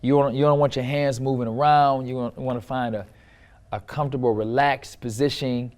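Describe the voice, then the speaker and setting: Expressive man teaching storytelling. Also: a little fast. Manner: expressive, varies loudness and pitch, repeats for emphasis. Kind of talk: instructional talk to camera.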